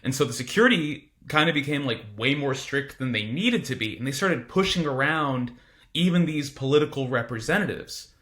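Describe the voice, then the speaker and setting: A man's voice: mid-range voice, animated, normal speed, a bit bright. A man teaching a casual recorded history lecture, informal and chatty with frequent asides.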